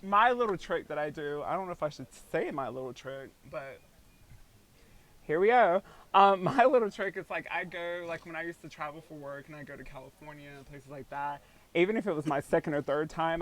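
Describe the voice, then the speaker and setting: A high-voiced man co-hosts a loose, chatty podcast. He tells animated stories, laughs often and acts out the lines of the people in them. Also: fairly quick, poor audio. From North Carolina. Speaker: podcast co-host. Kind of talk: casual chat.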